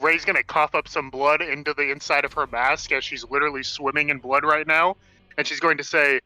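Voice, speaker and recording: A man at a tabletop game talks through his character's actions. His voice is sharp and very bright, a little higher than most men's, and the sound is dry and close. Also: steady tone, fairly quick, no room sound, soft background music, poor audio. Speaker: player.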